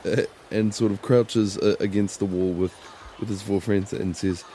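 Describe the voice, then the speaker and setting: A man playing a tabletop game who describes his character's actions in a halting, soft-spoken way. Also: lowish voice, steady tone, noisy background. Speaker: player.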